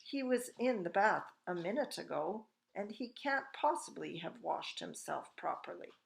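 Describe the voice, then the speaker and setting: A woman's voice: mid-range voice, expressive, measured pace, creaky. A woman voicing a fussy, exasperated mother in a storybook, scolding and raising her voice in alarm.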